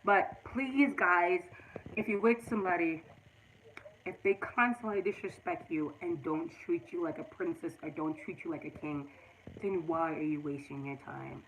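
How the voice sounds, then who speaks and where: A woman's voice: fairly low pitch, normal speed, a bit bright, a little hiss or hum, rough recording. A middle-aged woman hosting a casual livestream, earnestly giving relationship advice straight to her viewers. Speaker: livestream host.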